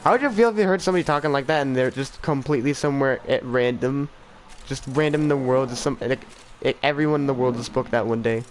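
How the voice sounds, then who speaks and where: A man's voice: mid-range voice, fast, low-quality recording. A teenage boy chatting casually on a game stream, rambling and self-deprecating, often trailing off and restarting. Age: teens. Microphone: desk mic for streaming.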